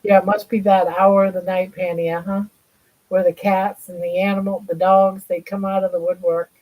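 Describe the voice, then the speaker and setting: A woman's voice: medium pitch, little pitch movement, normal speed, a little mellow, low-quality recording. An older woman hosting a casual livestream chat from home, cooing to her pets in baby talk. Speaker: livestream host.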